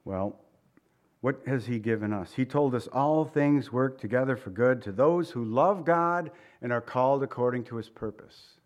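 A man's voice: medium pitch, moderate pace, muffled recording. A middle-aged man preaching a sermon in a conversational way, asking the listeners rhetorical questions. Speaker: pastor.

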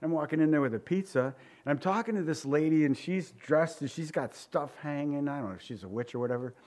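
A middle-aged man delivers a sermon like he's chatting with friends, telling funny stories that turn into lessons. His voice sits a little higher than most men's, and his delivery stays loose and conversational. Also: quick pace, darkish tone. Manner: conversational preaching with humorous anecdotes. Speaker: pastor.

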